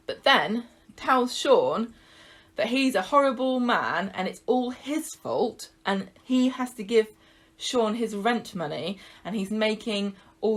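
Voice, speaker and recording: A woman co-hosting a podcast, recapping a soap in casual chat with a lively, laughing delivery. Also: mid-range voice. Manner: lively retelling, often breaking into character voices and laughter. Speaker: podcast co-host.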